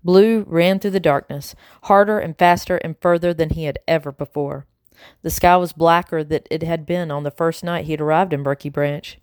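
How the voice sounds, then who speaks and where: A woman narrating a children's novel in a measured, steady reading style. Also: sits low, smooth, dry recording. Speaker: audiobook narrator. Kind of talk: scripted narration.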